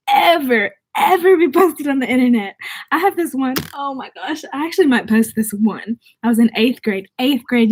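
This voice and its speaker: A young woman chats on her livestream in a bubbly, rambling way, reading out viewer comments and answering questions. She comes from the southern United States but has no Southern accent. Her voice sits fairly high. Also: a little mellow. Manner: chatty, bubbly, reads comments aloud. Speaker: vlogger. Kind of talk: casual livestream chat.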